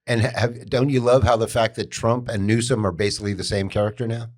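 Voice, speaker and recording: A man co-hosting a podcast, talking bluntly with plenty of swearing and quick agreement. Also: mid-range voice, flat delivery, darkish tone. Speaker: podcast co-host. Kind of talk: casual chat.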